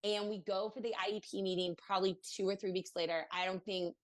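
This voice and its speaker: With a medium pitch and slightly fast pace, a woman from Maryland, USA, shares a personal story as a podcast guest in a casual interview. Animated and filler-heavy, she performs the voices of the people she quotes.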